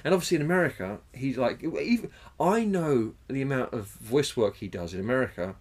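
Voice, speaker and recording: A man's voice: medium pitch, lively intonation, brisk. A man co-hosting a podcast in casual chat, rambling, swearing freely and searching for names mid-sentence. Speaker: podcast co-host.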